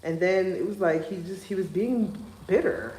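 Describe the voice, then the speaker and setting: A young woman and single mom chatting casually with her viewers, emphatic and getting loud and exasperated when she vents. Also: fairly low pitch, moderate pace, roomy sound, slight background noise. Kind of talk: casual livestream chat.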